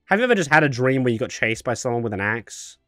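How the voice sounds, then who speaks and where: A man's voice: medium pitch, very animated, quick pace, bright, forceful tone, no room sound, studio quality, soft background music. A man streaming a video game with casual commentary, joking, cocky and swearing.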